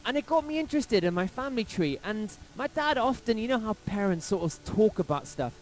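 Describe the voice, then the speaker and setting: A man from England, a pastor telling a personal story in a sermon, lively and anecdotal, acting out quotes along the way. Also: sits high, fairly quick, low-quality recording.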